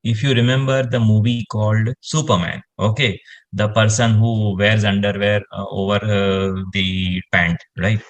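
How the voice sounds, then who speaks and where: A man's voice: lowish voice, flat delivery, unhurried, dull audio. A man, explaining space science in casual conversation and rambling with lots of "you know" fillers.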